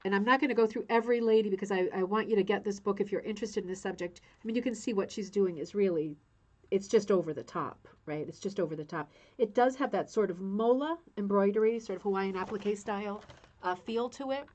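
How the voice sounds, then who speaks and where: A woman's voice: mid-range voice, quick pace, a little mellow. A woman hosting a casual craft-club video, talking through a book in a chatty, heartfelt way with many restarts. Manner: chatty, emotional, restarts often. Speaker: rug hooking club host.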